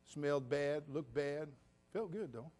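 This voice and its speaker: Preaching pastor, loud bursts. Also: male voice, a little high, unhurried. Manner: swings from quiet confiding to loud preaching bursts. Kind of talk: sermon. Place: church.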